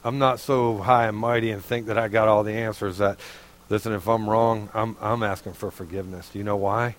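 A man's voice: fairly low pitch, steady tone, fairly quick. A middle-aged man preaching a sermon, fervent and folksy, pleading with his listeners. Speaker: pastor.

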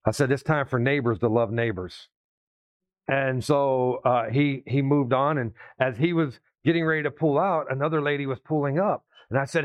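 A man preaching in a casual, storytelling way, acting out what people said. His voice sits at a middling pitch. The recording is dull and lo-fi, with little room sound. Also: normal speed, no room sound. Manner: storytelling, conversational, acts out quotes. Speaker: pastor. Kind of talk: sermon story.

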